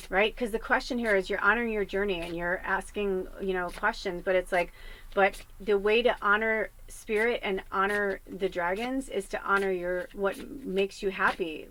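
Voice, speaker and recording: A woman's voice: medium pitch, normal speed, a bit bright, slight background noise, low-quality recording. A young adult woman giving a channeled tarot reading, talking in an earnest, emotional, rambling way with many fillers. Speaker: psychic tarot reader.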